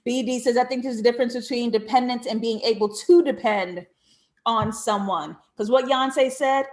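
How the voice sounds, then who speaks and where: An American woman reviewing a TV drama, talking in an expressive, reflective way, with playful shrieks and asides. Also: fairly high pitch, normal speed. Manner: reflective and questioning. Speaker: TV show reviewer. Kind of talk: animated video review commentary.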